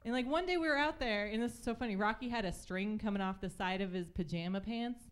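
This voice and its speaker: A woman's voice: medium pitch, fast talker, smooth. A young woman telling stories in a stand-up comedy set on a club stage, chatty with lots of fillers and acted-out voices.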